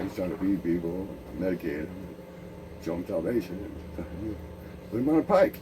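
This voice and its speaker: A man's voice: on the low side, dark tone, far from the mic, a little hiss or hum, rough recording. A man speaking a profane, meandering monologue, full of restarts, jumping between ideas. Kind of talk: rambling monologue.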